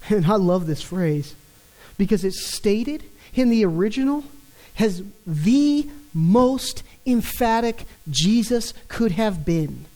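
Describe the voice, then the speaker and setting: A preacher working through a passage of scripture in an emphatic sermon, repeating words for stress and slowing down on key phrases. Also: medium pitch, lively intonation, dark tone, rough recording. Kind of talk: expository sermon.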